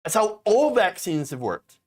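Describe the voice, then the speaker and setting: A man's voice: high voice, sing-song, a little slow. A man hosting a political commentary show, ranting in a profane, exasperated and mocking way.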